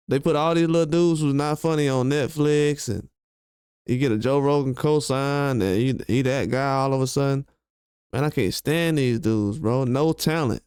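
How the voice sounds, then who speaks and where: Heated man ranting, smooth dry voice. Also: mid-range voice, darkish tone, dry recording. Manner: heated, slangy, emphatic, repeats himself. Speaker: commentary channel host. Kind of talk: casual commentary rant.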